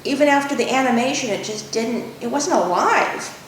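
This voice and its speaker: A woman reading a novel aloud, voicing a quick-tempered young woman artist who speaks in a snappish, frustrated way. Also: close to an everyday voice. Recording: echoey room, faint rumble.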